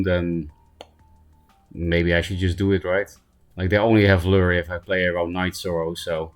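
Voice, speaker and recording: A man with a very low voice casually commentates a card game on stream, mocking himself and thinking aloud as his thoughts wander. He's hoarse from laughing, keeps clearing his throat, and quiet music plays faintly in the background.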